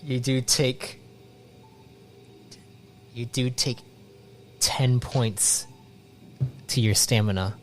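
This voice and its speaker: A man narrating as game master, halting with many restarts and fillers, laughing often. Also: mid-range voice, soft background music.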